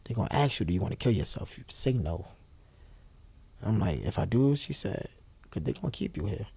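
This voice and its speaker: A young man with a gravelly, creaky voice tells his story in an interview, blunt and profane and wholly candid. His pitch swings widely as he acts out the people in the story, and the recording sounds dry and close. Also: big pitch swings, brisk, dark tone, no echo. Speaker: interview guest.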